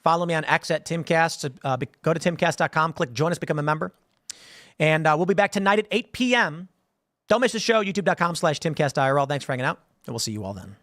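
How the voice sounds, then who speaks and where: A man's voice: fairly high pitch, animated, fast talker, fairly bright tone, no room sound, clean studio sound. A man in his thirties hosting a casual commentary show, rambling and repeating words as he thinks. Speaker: host.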